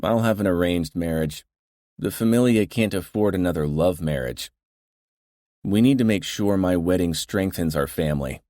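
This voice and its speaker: A man's voice: deep voice, normal speed, warm tone, no room sound, studio quality, close to an everyday voice. A man voicing a proud, serious young mafia heir who speaks earnestly and a bit indignantly. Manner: earnest, indignant, matter-of-fact.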